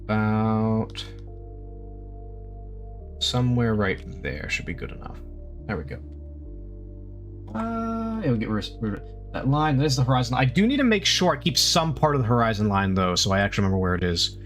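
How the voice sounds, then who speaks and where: A man's voice: fairly low pitch, very animated, moderate pace, long pauses, fairly bright tone, soft background music. A man streaming live, chatting casually while he draws. He rambles, laughs often and swears freely.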